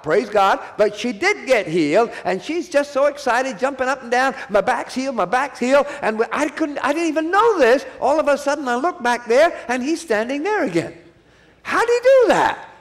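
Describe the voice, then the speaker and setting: A man preaching a sermon at a church conference, repeating key phrases and calling for the audience to answer back. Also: extremely high pitch.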